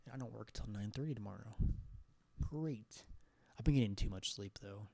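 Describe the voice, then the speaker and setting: A man hosting a casual live chat with callers, relaxed and stammering, often laughing. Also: fairly low pitch, normal speed, creaky, dry recording. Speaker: livestream host taking callers.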